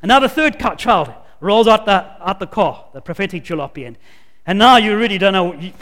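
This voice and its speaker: A man preaching in an animated, emphatic way, acting out the scenes as he tells them. His very high voice swings widely in pitch. A long reverb trails each phrase as if he speaks in a large church. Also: fairly quick. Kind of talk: sermon.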